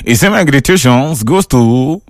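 Lively Nigerian man on radio. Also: mid-range voice, a little slow, no echo, clean studio sound. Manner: lively, laughs and exclaims often. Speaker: radio host. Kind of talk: casual radio shout-outs in Pidgin.

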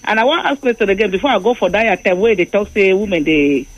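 A woman's voice: mid-range voice, animated, fast talker, highs cut off. A Nigerian woman calling in to a radio show, pressing the host for an answer. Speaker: radio caller. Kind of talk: phone-in chat.

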